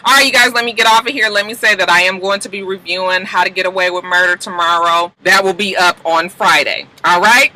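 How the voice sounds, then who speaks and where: A man recapping a TV episode for his channel in an animated, gossipy way with lots of exclamations. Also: sits high, fairly quick, hardly any pauses, low-quality recording. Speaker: TV show reviewer. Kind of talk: casual recap vlog.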